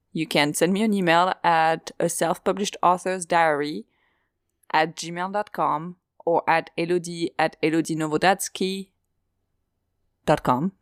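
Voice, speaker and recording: A woman's voice: lowish voice, no echo, studio quality. A woman podcast host with a slight French accent, chatting casually and laughing easily while recording at home.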